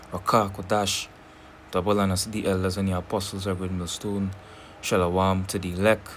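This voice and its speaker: A man teaching a scripture lesson who keeps checking in with "right?" and reads verses slowly and deliberately. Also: low-pitched, a little hiss or hum. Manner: keeps asking "right?" between points. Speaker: preacher.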